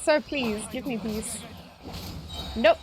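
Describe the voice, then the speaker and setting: Casting: bubbly South African woman streamer, slightly high voice, slow and easy delivery, faint music behind. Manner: bubbly, giggly, greets chatters by name. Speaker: livestreamer. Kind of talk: casual chat with stream viewers.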